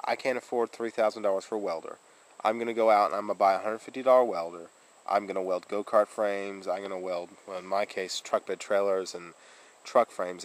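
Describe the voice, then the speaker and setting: Man, vlogger, low-pitched, casual rambling story, filler words, laughing. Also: rough recording.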